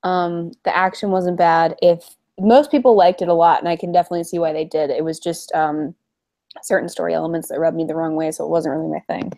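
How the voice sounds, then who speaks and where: A woman's voice: fairly low pitch, steady tone, fairly quick, warm tone. A woman co-hosting a casual livestream, talking in a wry, offhand way. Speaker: co-host.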